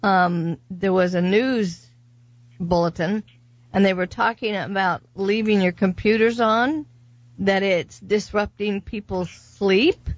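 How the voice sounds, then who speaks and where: A middle-aged woman co-hosting a radio talk show, steady and advising, often agreeing aloud. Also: medium pitch, slow, dry recording, dull audio. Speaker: radio show co-host, guest's mother.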